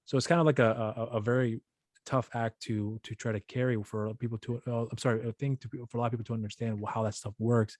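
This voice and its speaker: A man's voice: medium pitch, level tone, fast, a little mellow, no echo, clean studio sound. A man hosting a casual interview podcast, asking long rambling questions with restarts. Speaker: podcast host.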